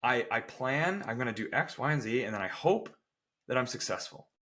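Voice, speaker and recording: A man's voice: medium pitch, lively intonation, fairly quick, a bit bright. Emphatic male coach, podcast chat. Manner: emphatic, keeps checking in with "right?"; acts out people's quotes with playful voices. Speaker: strength coach and podcast co-host.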